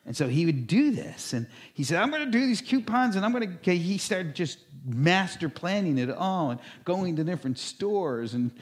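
Male pastor, sermon, chatty storytelling, asides to the congregation, somewhat high-pitched. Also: normal speed, hardly any pauses. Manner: conversational storytelling, with lively acted-out quotes.

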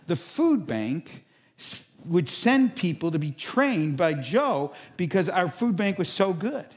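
A male pastor preaching a sermon in a conversational storytelling way, with asides to the congregation and acted-out quotes. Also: fairly high pitch.

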